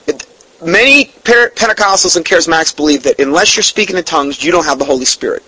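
A man's voice: a little high, expressive, fast talker, pushed and bright, slightly rough, poor audio. A man giving a blunt, emphatic Bible teaching, denouncing other churches and quoting scripture at length. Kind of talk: preaching-style Bible teaching.

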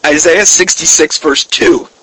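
A man preaching a sermon in an earnest, emphatic way, slowing down to read scripture and definitions, and openly emotional about his subject. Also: fairly high pitch, fairly even intonation, fairly bright tone, a little hiss or hum, rough recording.

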